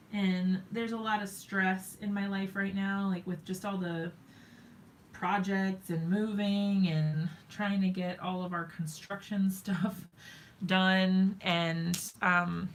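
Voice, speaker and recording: Speaking slowly and flatly in a mid-range voice, this woman runs a live crafting stream, talking to her viewers and musing aloud while she works. She frequently makes herself the butt of the joke, and there's a bit of background noise.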